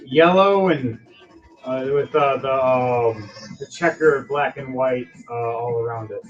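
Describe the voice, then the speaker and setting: A man narrating a tabletop game as game master, excitable and rambling with many fillers, on a dull lo-fi recording with faint music behind. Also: mid-range voice, slow.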